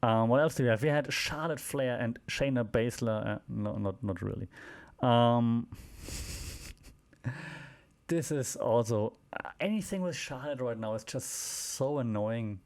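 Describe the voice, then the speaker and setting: A man's voice: medium pitch, a little slow, darkish tone. A man hosting a wrestling podcast, recapping shows in a casual, rambling way with many fillers, restarts and wry asides.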